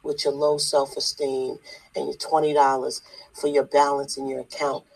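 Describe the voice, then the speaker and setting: A husky-voiced online preacher delivering a blunt, scolding sermon. The speaker repeats key lines for emphasis and keeps firing rhetorical questions at the audience. The voice carries a breathy, rough edge. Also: mid-range voice, level tone, normal speed, a little mellow, poor audio. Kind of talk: preaching video.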